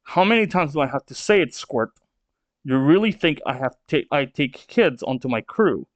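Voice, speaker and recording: A man reading the lines of a brash, ambitious male pirate captain in a gruff, boastful tone. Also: fairly high pitch, expressive, moderate pace, dry recording, close to an everyday voice. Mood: dismissive.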